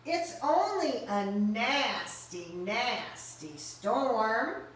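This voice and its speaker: Gentle, steady storybook owl, put on by a woman, slow and unhurried. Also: a little high. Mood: soothing. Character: calm, kindly male owl, the leader. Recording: roomy echo, mic at a distance.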